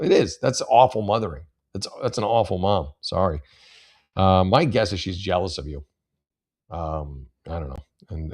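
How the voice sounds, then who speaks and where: Blunt, profane man reacting to read-out posts. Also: low voice. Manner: reads posts aloud, then reacts. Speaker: host reading and answering advice posts. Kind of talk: casual commentary on read-out posts.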